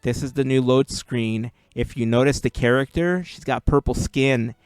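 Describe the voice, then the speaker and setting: In a dry recording, a man with a smooth, medium-pitched voice hosts a podcast. He keeps it casual, laughing easily as he tells long, drawn-out stories.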